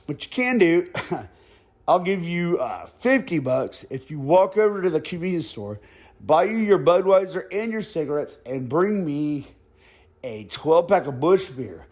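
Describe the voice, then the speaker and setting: A man voicing a stern middle-aged male neighborhood boss who talks slowly and threateningly, slipping in Spanish phrases. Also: a little high, very animated, a little mellow.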